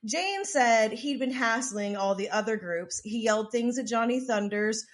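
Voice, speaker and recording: A woman's voice: a little high, expressive, normal speed. A woman co-hosting a podcast, telling a story in casual chat with lots of swearing, restarts and "like". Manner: profane, rambling, with frequent restarts and "like". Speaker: podcast co-host.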